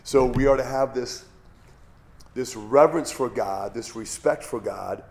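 A man's voice: mid-range voice, unhurried, a little mellow. A man teaching the Bible as a pastor. He talks in a conversational way, often restarts phrases and checks in with "all right?".

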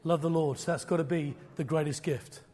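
A middle-aged man preaching a sermon, swinging from loud declarations to hushed, almost whispered lines. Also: fairly high pitch, steady tone, a little fast.

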